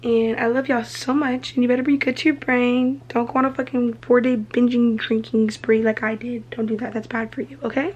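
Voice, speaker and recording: A young woman vlogging at home, loud, giggly and chatty with plenty of swearing, her voice hoarse after days of drinking. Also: on the high side, little pitch movement, fairly quick, few pauses, muffled recording. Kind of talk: casual vlog chat.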